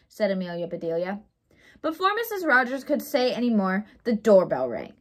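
A young woman reading a children's story aloud in an expressive, animated way. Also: mid-range voice, normal speed. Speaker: storybook reader.

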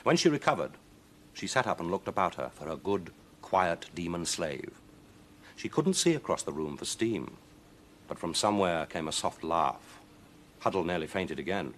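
A man reading a children's story aloud in a lively, expressive way. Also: sits low, moderate pace.

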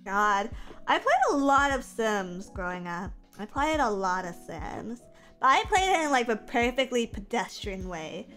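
High-voiced, animated woman streamer. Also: a little slow, faint music behind. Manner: animated, profane, self-mocking. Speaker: livestreamer. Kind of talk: casual chat reading viewer comments.

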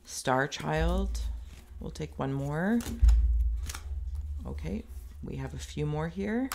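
A woman talks the viewer through a tarot reading in a rambling, meandering way, with plenty of "like." Her voice has a gravelly, creaky edge. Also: sits low, expressive, slow pace, a little hiss or hum. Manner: speaks directly to the viewer. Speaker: tarot reader.

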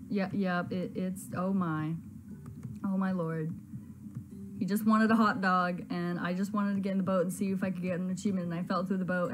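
A woman's voice: lowish voice, noisy background. Flustered woman narrating her gameplay. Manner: flustered, exclaiming, stammering. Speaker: gaming video host. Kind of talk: casual let's-play commentary.

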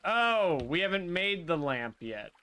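A man giving live gameplay commentary, his voice sitting a bit high and swinging widely in pitch. He swears freely and talks back to his viewers and to the characters on screen. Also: expressive, brisk, a bit bright. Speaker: streamer.

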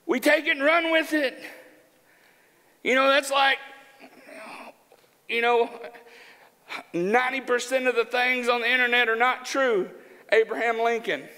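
A man from Arkansas preaching a sermon in a church, joking in a folksy, animated way. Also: very high-pitched, measured pace, pauses often. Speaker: pastor. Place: church sanctuary. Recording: church hall with long reverb.

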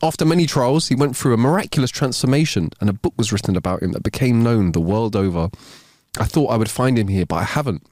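A man's voice: mid-range voice, lively intonation, quick pace, darkish tone, no room sound, studio quality, lightly acted. A man doing a tearful old carpenter. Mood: wistful, sad.

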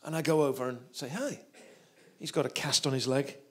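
A man's voice: mid-range voice, steady tone, quick pace, fairly bright tone. A man, a guest preacher telling a humorous story in a sermon.

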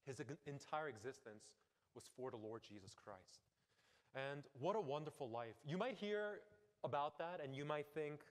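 A man preaching a sermon as pastor, earnest and emphatic, dropping into quiet low asides. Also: lively intonation, moderate pace. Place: church sanctuary. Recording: long hall reverb.

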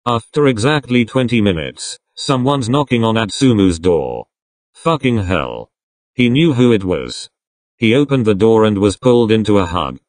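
A man narrating a fan-written texting story in a plain, even storytelling way. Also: lowish voice, moderate pace, no echo.

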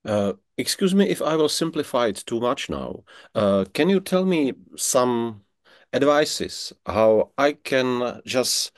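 A man hosting a talk show, asking polite, halting questions as he searches for his words. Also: mid-range voice, expressive, no room sound, studio quality. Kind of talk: interview questions.

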